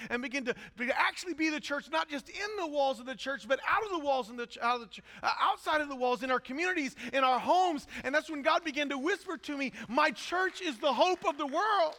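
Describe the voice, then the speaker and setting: Pastor, male, high and bright voice, blunt intense delivery, hall reverb. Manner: blunt, intense, rising to shouts. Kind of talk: sermon.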